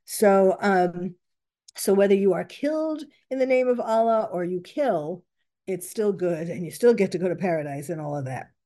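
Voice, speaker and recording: A woman's voice: on the low side, expressive, moderate pace, warm tone. A woman commenting on news reports, reading out quotes and stopping to correct herself.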